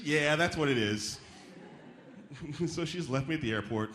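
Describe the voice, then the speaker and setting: A man performing a stand-up comedy set on stage, animated and acting out the voices of the people in his stories. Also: fairly high pitch, unhurried, pauses often, roomy sound, slight background noise. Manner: animated, acts out quoted voices. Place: theater stage before a live audience.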